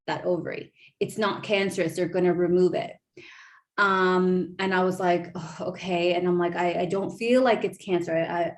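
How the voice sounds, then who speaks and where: A woman in her thirties, a podcast host, telling a personal story in a gushing, animated way with many fillers. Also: on the low side. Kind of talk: emotional casual storytelling.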